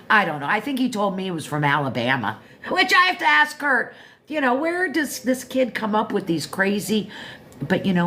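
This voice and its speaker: A woman in her fifties with a low-set voice chats unhurriedly on her livestream. She wanders from one thought to the next and restarts her sentences often. A faint hum of noise sits behind her. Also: fairly bright tone. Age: 50s. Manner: meandering, self-interrupting, chatty asides. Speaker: livestream host reviewing a book. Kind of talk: casual rambling chat.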